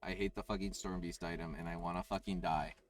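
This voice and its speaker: A man's voice: low voice, fairly even intonation, fast. Crude, melodramatic young male streamer. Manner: crude, melodramatic, self-mocking. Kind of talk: live gameplay stream chat. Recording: distant from the mic with faint noise.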